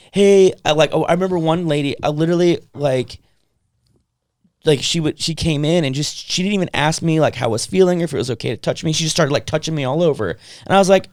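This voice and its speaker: A man's voice: fairly high pitch, quick pace, no echo, studio quality. A young man telling a story in casual podcast chat, acting out the people in it, swearing casually and using plenty of fillers. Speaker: podcast co-host.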